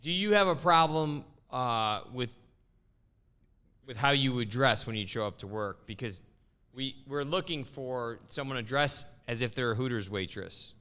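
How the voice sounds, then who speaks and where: A man hosting a comedy podcast, asking mock-serious interview questions in a deadpan way. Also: mid-range voice, measured pace, clear, resonant tone.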